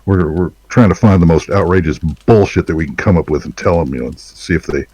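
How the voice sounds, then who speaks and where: A man with a very deep, husky voice chats sarcastically and mocks his targets, chuckling often. The sound is dry and close, with no room echo. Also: a little fast, few pauses, mellow. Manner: sarcastic, mocking, with frequent chuckles. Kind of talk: casual satirical chat.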